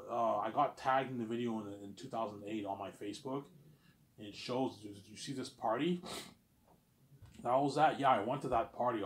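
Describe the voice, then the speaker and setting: A man in his thirties telling a personal story in a casual monologue, rambling, repeating himself and swearing often. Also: mid-range voice. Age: 30s. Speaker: vlogger.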